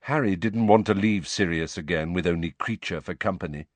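A man's voice: low voice, brisk, no echo. A man reading an audiobook in scripted narration, voicing each character.

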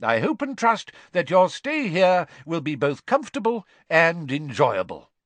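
A man's voice: fairly high pitch, huge pitch swings, a little slow, no room sound, pitched above the performer's own voice. A man voicing a genial, beaming elderly wizard headmaster giving a stately welcome.

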